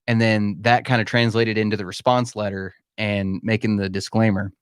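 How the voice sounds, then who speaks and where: A man's voice: lowish voice, level tone, normal speed, clear, resonant tone, dry recording, studio quality. A man hosting a live-stream Q&A from his home, talking candidly and emphatically and calling listeners "man". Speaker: podcast host. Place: home room.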